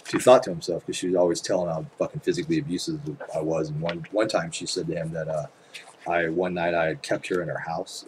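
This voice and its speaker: A man's voice: low-pitched, a little mellow, a little hiss or hum, rough recording. A man talking to his viewers at home in a casual, emphatic rant, swearing often and firing off rhetorical questions. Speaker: channel host. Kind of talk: casual ranting monologue to camera.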